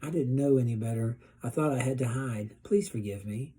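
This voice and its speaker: Man voicing a hesitant, ashamed young prince, dark husky tone. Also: mid-range voice, normal speed, lightly acted. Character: young prince freed from a frog curse, humble and ashamed.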